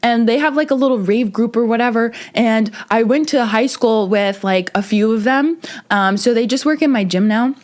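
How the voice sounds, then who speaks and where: A woman in her twenties talking casually to camera in a self-help vlog, chatty, with lots of filler words and big pitch jumps when she quotes herself. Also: moderate pace. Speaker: vlogger.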